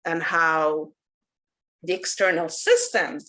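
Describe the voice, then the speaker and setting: A woman with a fairly low voice gives an unhurried, earnest dharma talk. She leads her workshop as a spiritual teacher and tells the story at a steady pace. She goes soft and quiet at its solemn turns. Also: poor audio.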